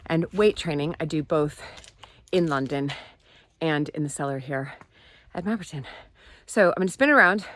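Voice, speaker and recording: An American woman chatting casually to viewers in a vlog, excitable as she shows her kitchen garden. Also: low-pitched, moderate pace, pauses often, slight background noise. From United States. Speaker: vlogger.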